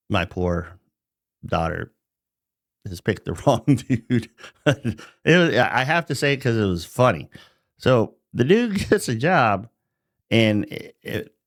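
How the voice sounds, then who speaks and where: A middle-aged man delivers a loose, profane rant, his voice leaping up and down in pitch. He mocks his targets and breaks into chuckles mid-sentence. The sound is close and dry, with no room around it. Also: creaky, no room sound. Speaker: vlogger. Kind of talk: casual ranting monologue.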